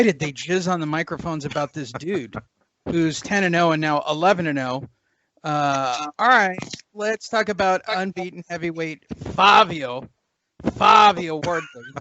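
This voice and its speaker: A man's voice: a little high, a bit bright, no room sound, highs cut off. A man hosting a boxing talk show, sarcastic and mocking as he reviews fights. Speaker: boxing podcast host. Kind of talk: casual sports talk.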